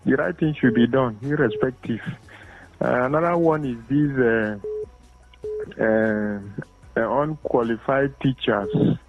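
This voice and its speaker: A man calling into a radio show, speaking hesitantly with many pauses and fillers. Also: medium pitch. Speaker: caller. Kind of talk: call-in radio commentary. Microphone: phone call into a radio studio. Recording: thin tinny phone line.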